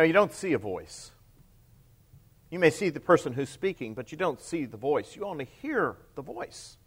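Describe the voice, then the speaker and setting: A male priest delivers a sermon in a conversational style, posing questions to the congregation and letting his voice fall quiet and low as quoted lines finish.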